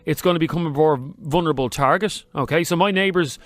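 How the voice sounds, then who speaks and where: A man's voice: fairly high pitch, fast talker, no room sound. A man co-hosting a radio talk show, teasing and opinionated. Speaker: radio co-host. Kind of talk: casual chat.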